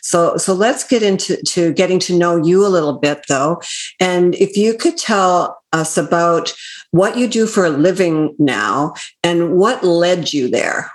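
A woman's voice: fairly low pitch, unhurried. A Canadian woman from Ontario who hosts a podcast, asking curious, friendly questions in a casual interview. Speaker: podcast host. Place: London, Ontario.

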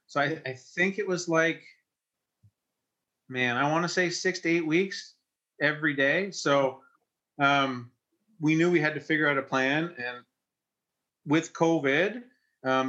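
A Canadian man in his forties, a firefighter, telling an emotional personal story in an interview in a halting way, with many restarts. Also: fairly high pitch, pushed and bright, dull audio. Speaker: firefighter and investor.

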